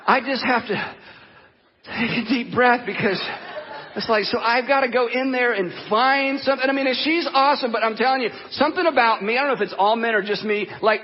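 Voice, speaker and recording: A man preaching a sermon in an animated, conversational way, acting out the quotes as he goes. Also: very high voice, fairly quick, big-room sound, highs cut off, a little hiss or hum. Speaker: pastor.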